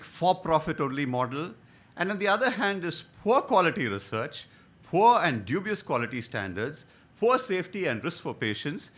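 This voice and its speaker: A man's voice: mid-range voice, fairly bright tone. A middle-aged man from India giving a conference lecture as a hematologist, with hesitant fillers and rhetorical questions.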